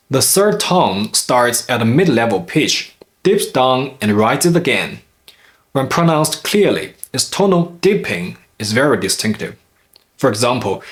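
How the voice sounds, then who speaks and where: A man delivering a scripted language lesson at an unhurried pace. His voice sits at an ordinary middle pitch. He explains in a careful, measured way and stops to sound out each example clearly. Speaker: language teacher.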